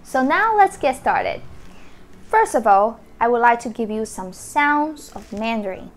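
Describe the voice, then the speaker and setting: A woman, the founder and teacher of a Mandarin school, giving a beginner lesson and sounding out each syllable slowly and repeatedly. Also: fairly high pitch, sing-song. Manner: slow, drawn-out model pronunciations with repeated syllables.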